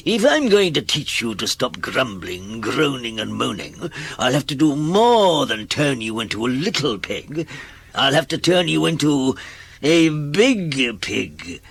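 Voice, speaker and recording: A stern storybook wizard who lectures in a raised, husky voice, as a man reading aloud puts him on. He swoops his pitch as he scolds and drags his threats out slowly. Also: big pitch swings, a bit bright, full character voice. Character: stern male wizard who punishes grumblers.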